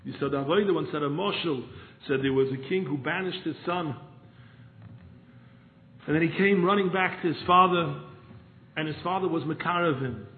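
Brief: male preacher, fervent to hushed, somewhat high voice, tinny phone-line sound with faint hiss. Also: moderate pace, pauses often, roomy sound. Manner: impassioned, swinging from near-shouted pleas to hushed storytelling. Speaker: rabbi giving a talk. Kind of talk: sermon.

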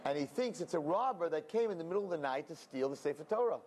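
A man preaching by telling a story, animated and acting out the characters' voices. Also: a little high, fast talker, a little hiss or hum. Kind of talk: sermon storytelling.

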